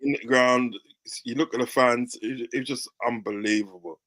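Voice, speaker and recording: A man's voice: mid-range voice, fairly even intonation, normal speed, a bit bright. A man in casual football chat, enthusiastic and often asking "do you know what I mean".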